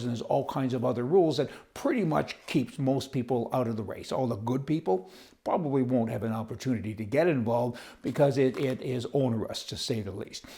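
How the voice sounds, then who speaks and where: A man's voice: mid-range voice, gravelly. A man from Canada hosting casual political commentary, telling jokes and laughing at them. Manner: jokey, laughs at his own jokes, animated.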